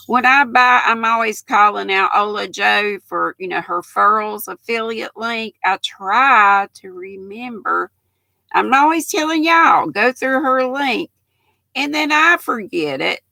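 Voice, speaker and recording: A woman's voice: mid-range voice, lively intonation, measured pace, vocal fry, no echo. An older woman hosting a live crafting stream, chatting folksily with viewers and calling them honey and darling. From United States. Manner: chatty, rambling, with soft laughs. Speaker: host of a live knitting and crochet stream.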